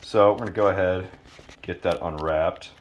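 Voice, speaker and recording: Low-voiced man cooking over a sizzling pan. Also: normal speed, dull audio. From Louisiana, USA. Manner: laid-back, profane, joking asides. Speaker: home cook. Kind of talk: casual cooking tutorial. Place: home kitchen. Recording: noisy kitchen with frying sizzle. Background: food sizzling in a pan.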